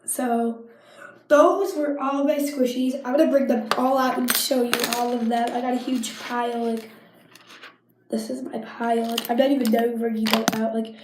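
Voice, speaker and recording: A woman's voice: on the high side, steady tone, moderate pace, noisy background. A teenage girl with a cold, coughing often as she chats and rambles through a casual show-and-tell vlog at home. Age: teens. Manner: chatty, rambling, with frequent coughs and likes. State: sick with a cough and sinus infection. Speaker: vlogger. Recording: echoey room.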